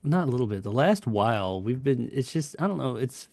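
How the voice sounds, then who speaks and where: Lively rambling man, dry close sound. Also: mid-range voice, brisk, creaky, no room sound. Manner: rambling, self-deprecating storyteller. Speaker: podcast co-host. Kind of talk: casual chat.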